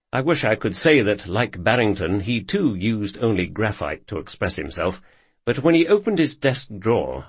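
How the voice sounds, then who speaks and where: Male nonfiction narrator, lowish husky voice, lively delivery, dry studio read. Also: dry recording.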